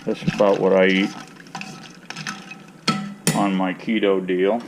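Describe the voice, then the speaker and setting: A man's voice: low voice, flat delivery, takes it slowly, gravelly. Folksy rambling man, faint noise behind. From Michigan. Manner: folksy, rambling, talking to viewers while mixing tea. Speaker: beekeeper vlogger. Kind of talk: casual vlog chat. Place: outdoors in hot sun.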